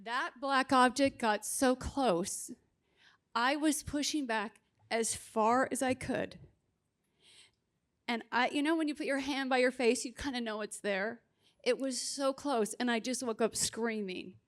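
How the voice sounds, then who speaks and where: Slow, deliberate woman telling her story. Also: on the high side. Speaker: abortion survivor panelist. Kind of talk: personal testimony on a panel. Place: conference stage.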